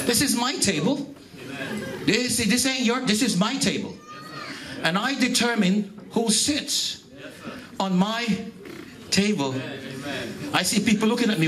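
A man's voice: high voice, expressive, unhurried, pauses often, a crowd in the background. A Jamaican-born man preaching a sermon to his congregation, emphatic and repeating his phrases, calling out to the listeners. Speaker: pastor. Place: church hall.

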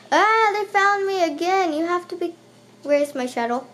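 Very high-pitched and a bit bright, this woman's voice has lively intonation and a moderate pace. Hosting a gaming channel, she provides let's play commentary, panicking often and firing off repeated words at the enemies.

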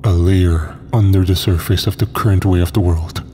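A man voicing a calm, zealous cultist who speaks in a deep, slow monotone. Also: lightly acted. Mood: calm menace. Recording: long hall reverb with faint noise.

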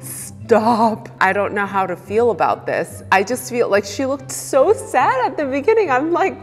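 A woman hosting a casual reaction video, animated and quick to exclaim and laugh. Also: fairly high pitch, in a large hall, over loud music. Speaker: pointe shoe fitter and channel host.

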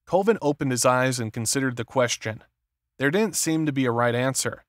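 A man reading an audiobook in a steady, measured narration. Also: medium pitch, no room sound, clean studio sound. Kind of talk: scripted narration.

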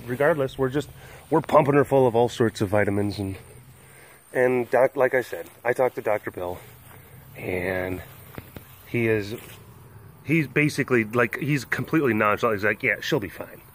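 A man's voice: mid-range voice, normal speed, pauses often. A man hosting a vlog, chatting casually and playfully in a rambling way about animal care. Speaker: sanctuary keeper and vlog host.

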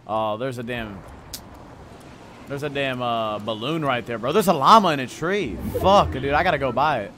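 A young man streaming a game, talking in excitable slang, swearing and calling everyone bro. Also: medium pitch, moderate pace. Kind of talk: live gameplay commentary. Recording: noisy with clicking keys.

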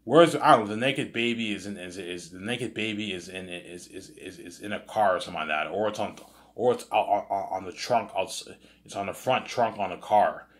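Low male voice, casual rambling monologue, frequent restarts, loose and unscripted. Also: fairly bright tone. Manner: rambling, with many restarts and "you know what I'm saying"; casual, with swearing. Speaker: host.

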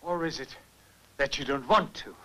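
An actor in a dubbed film playing a distraught young man who pleads and accuses and breaks into anguished shouts. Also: a little high, moderate pace, lightly acted, poor audio. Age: young adult. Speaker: young man confronting a professor.

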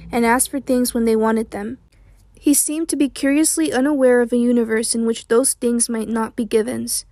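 A woman narrating an audiobook in a steady, measured reading. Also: fairly high pitch, dry recording. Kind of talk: scripted narration.

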